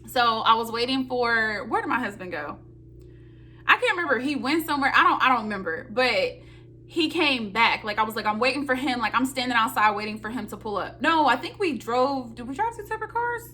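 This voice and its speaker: A young woman tells a story to her vlog viewers in a bright, slightly high voice. She is animated and dramatic, calling her viewers y'all and acting out her own reactions in loud high bursts. A faint hum sits under the recording. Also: fairly quick. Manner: talks straight to viewers, calling them y'all. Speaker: nursing student vlogger.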